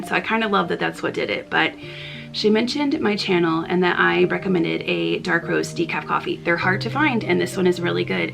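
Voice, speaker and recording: A woman's voice: lowish voice, creaky. A woman vlogger talking to camera in an earnest, open and chatty way. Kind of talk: heartfelt talk to camera. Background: background music.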